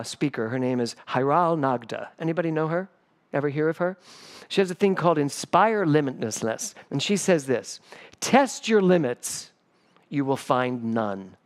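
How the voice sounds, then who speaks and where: Animated man preaching a sermon. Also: medium pitch. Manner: animated storyteller. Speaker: spiritual director. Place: church service.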